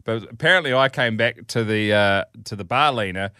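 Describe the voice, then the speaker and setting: A man co-hosting a podcast, telling stories casually, swearing freely and acting out quotes in loud, high voices. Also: brisk, clear, resonant tone, no echo, clean studio sound. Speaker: podcast co-host. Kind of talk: casual storytelling chat.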